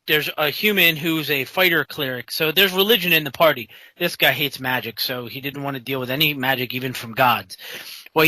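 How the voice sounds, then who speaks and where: Bright-voiced man telling a gaming story. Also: on the high side, dry recording, rough recording. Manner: animated anecdote-teller who acts out quotes. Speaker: guest in a casual tabletop-gaming chat. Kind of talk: casual storytelling chat.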